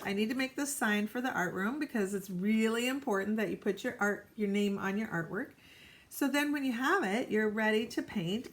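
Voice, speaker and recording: Playful art teacher woman, bright tone. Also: on the high side. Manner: playful, animated teacherly delivery. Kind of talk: children's art lesson. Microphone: tablet or phone camera.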